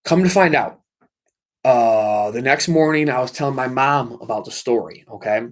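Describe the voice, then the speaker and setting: A man's voice: mid-range voice, moderate pace. A man hosting a late-night livestream, telling a ghost story in an intense, repetitive way, swearing often. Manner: intense, swearing, repeats himself for emphasis. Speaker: livestream host.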